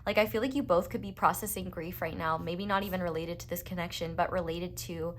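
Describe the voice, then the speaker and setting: A young woman giving a casual tarot reading in a gentle, reassuring way, with many fillers. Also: lowish voice, fairly even intonation, a little fast, a little hiss or hum. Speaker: tarot reader.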